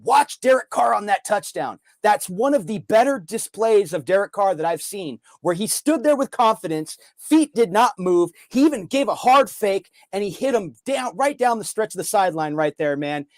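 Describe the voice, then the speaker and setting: High-voiced man rambling about football. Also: expressive, normal speed, hardly any pauses, dry recording. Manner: rambling, many fillers and "man" and "dude". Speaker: co-host. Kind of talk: casual sports podcast chat.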